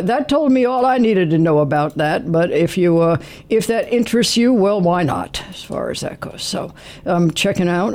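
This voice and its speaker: Guy hosting call-in radio, kinda high voice, easygoing rambly chat. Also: darkish tone. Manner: chatty, easygoing, thinks aloud with fillers. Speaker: radio host.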